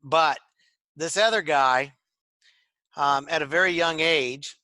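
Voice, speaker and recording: A man from Michigan with a Northern US accent and a slightly raspy voice, co-hosting a casual chat and rambling with many fillers. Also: fairly high pitch, slow pace, bright, forceful tone, no room sound. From Michigan, USA. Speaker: podcast co-host.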